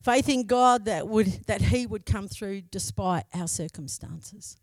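A woman's voice: medium pitch, a little slow, no room sound. A middle-aged Australian woman, a pastor's wife, telling a candid personal story in a sermon.

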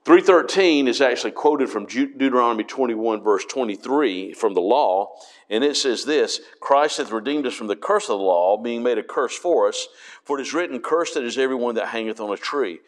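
A man's voice: medium pitch, expressive, moderate pace. A man preaching a Bible study, reading verses aloud and explaining them with frequent restarts.

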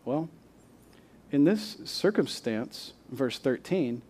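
A man's voice: on the high side, expressive, measured pace, darkish tone. A male pastor preaching a sermon, building to emphatic rhetorical questions and reading scripture aloud.

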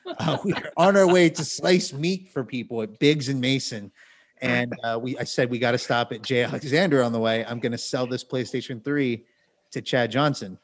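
A man telling a story on a podcast in an ordinary, mid-pitched voice. His delivery is loose and rambling, with plenty of restarts and asides. A wry, self-deprecating tone runs through it. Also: moderate pace. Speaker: podcast co-host. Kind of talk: casual storytelling.

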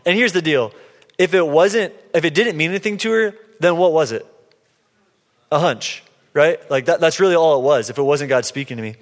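A man preaching, telling a personal story with playful, lively quotes of himself and others. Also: fairly high pitch, brisk. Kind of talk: sermon storytelling. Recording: long hall reverb.

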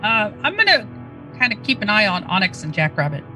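A woman's voice: medium pitch, big pitch swings, brisk, pushed and bright, soft background music. A woman playing a character in a tabletop role-playing game, hesitant, with many fillers. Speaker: player.

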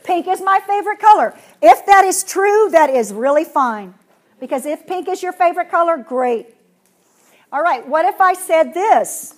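A woman with a high voice leads a hands-on workshop for teachers. She talks in an animated way and slips into playful voices to show how children answer. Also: moderate pace. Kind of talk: classroom workshop talk.

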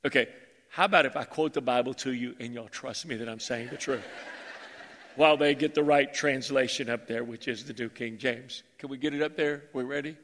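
A male pastor preaching a sermon, animated and joking with his congregation. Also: medium pitch, fairly quick. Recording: reverberant church hall.

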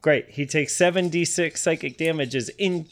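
A man's voice: a little high, normal speed, a bit bright. A man playing a tabletop game, describing his attacks hesitantly with many fillers. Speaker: player. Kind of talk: casual tabletop play.

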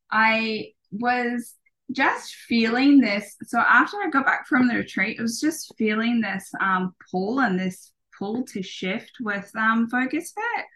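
A woman's voice: fairly high pitch, pushed and bright. A woman in her thirties, a podcast guest, talking casually with many ums and restarts.

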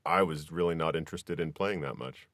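A male podcast host with a very deep voice talks in a relaxed, conversational way, often restarting his sentences. The recording is dry and close, with no room echo. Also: fairly quick. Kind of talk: casual interview chat.

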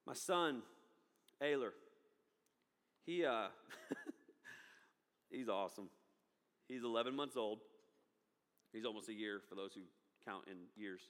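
A man in his thirties preaching a sermon with lots of energy, swinging from loud to hushed. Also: lowish voice, slow, pauses often, long reverb tail. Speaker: pastor.

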